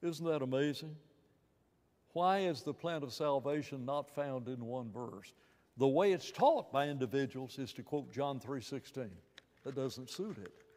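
A man's voice: medium pitch, measured pace, darkish tone, long reverb tail. A man preaching in a church Bible class, emphatic, asking rhetorical questions and often restarting his phrases. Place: church room.

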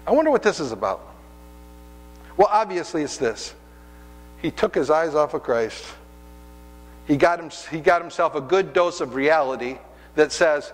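Pastor preaching in a reverberant hall. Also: male voice, fairly high pitch, lively intonation, normal speed, long pauses. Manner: conversational, acts out voices in his stories. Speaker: pastor and hospice chaplain. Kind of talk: sermon with personal storytelling. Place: church sanctuary.

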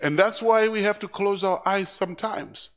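A man preaching a live church sermon, animated, repeating words and acting out voices as he goes. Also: high-pitched, normal speed. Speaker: pastor. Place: church service.

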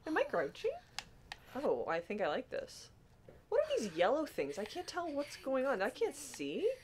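A woman's voice: sits high, wildly swooping pitch, measured pace, long pauses, background noise. A young woman hosting a gaming vlog, talking casually and panicking and laughing a lot as she plays. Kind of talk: casual gameplay chat.

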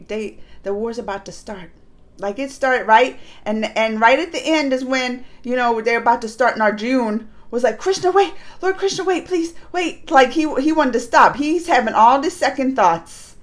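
A woman's voice: a little high, normal speed. A woman hosting a reaction channel, casually retelling episodes and acting out the characters' lines. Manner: animated, acts out characters' lines while retelling.

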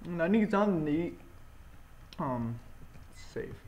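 A man's voice: on the high side, animated, unhurried, darkish tone, dull audio. A man casually commentating a game at home, chatting and eating with his mouth full, speaking right into a close microphone. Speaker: gaming channel host. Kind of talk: casual let's-play commentary. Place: home, indoors. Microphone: mic pressed right up against his mouth.

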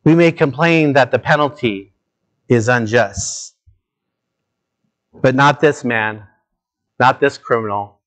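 A man preaching a sermon as pastor, talking straight to his listeners and moving between low, slow emphasis and raised, urgent appeals. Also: a bit bright. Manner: earnest, direct address to listeners.

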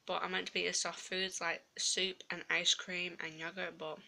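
A woman's voice: on the low side, flat delivery, moderate pace, vocal fry, bright, forceful tone. Chatty young woman with a lisp. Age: young adult. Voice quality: slight lisp from a tongue piercing. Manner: chatty, filler-heavy, rambling. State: swollen tongue. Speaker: vlogger. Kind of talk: casual vlog.

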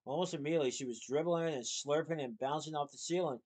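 A man reading a children's novel aloud in a plain, steady storytelling manner. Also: a little high, quick pace. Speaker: reader.

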